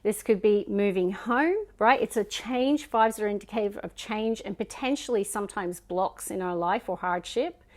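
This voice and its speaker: A woman with a Scottish accent talks through a tarot spread in a relaxed, chatty way. She muses aloud as she reads each card and often drops into soft murmurs between them. Her pitch sits in an ordinary middle range. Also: normal speed, few pauses. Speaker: tarot reader. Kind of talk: casual tarot card reading.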